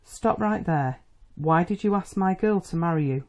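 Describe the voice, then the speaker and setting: A reader voicing a stern, worried old country doctor who is a protective father, speaking in a gruff, testy, dry way, with a mellow tone. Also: mid-range voice, moderate pace, natural voice.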